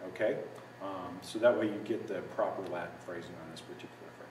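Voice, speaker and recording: A lower-voiced man walks students through a sax part one note at a time, patient and methodical, now and then scatting the rhythm. He sounds some way off from the mic in an echoey room, with steady noise behind him. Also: fast talker, distant mic. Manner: patient, methodical, sings phrases in scat syllables. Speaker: music teacher. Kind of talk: instructional walkthrough.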